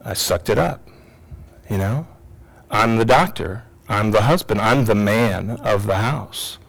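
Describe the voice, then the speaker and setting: A middle-aged man with a gravelly, fairly low voice tells a personal story to a room of listeners. He is emotional, and he swings between loud bursts and hushed, quiet stretches. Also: measured pace, rough recording. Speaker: teacher and psychologist. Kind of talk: personal story told to an audience.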